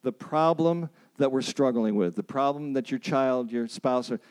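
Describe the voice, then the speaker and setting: Emphatic preacher, man, mid-pitched. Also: normal speed, a little mellow, clean tone. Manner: emphatic, repeats phrases and asks the audience to say lines back; storytelling with self-deprecating asides. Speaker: preacher leading a workshop. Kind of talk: sermon.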